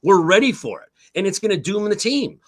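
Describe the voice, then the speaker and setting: A man's voice: high voice, very animated, a little fast, a bit bright. A man on a sports talk show, a former player, arguing emphatically, repeating key words and swearing for emphasis.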